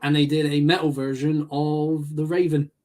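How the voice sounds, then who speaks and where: A man's voice: fairly high pitch, level tone, normal speed, a little mellow. A man hosting a podcast, chatting casually, laughing often and reading out comments from the chat. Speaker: podcast host.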